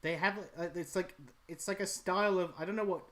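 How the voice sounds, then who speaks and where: A man's voice: high voice, fairly even intonation, brisk, fairly bright tone. A man, a comic artist, chatting casually and joking dryly while drawing on a live stream. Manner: dry, joking.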